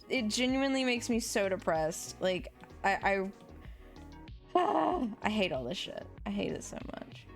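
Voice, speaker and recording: A woman streamer chatting casually while drawing, rambling and swearing freely, her voice jumping up in pitch now and then.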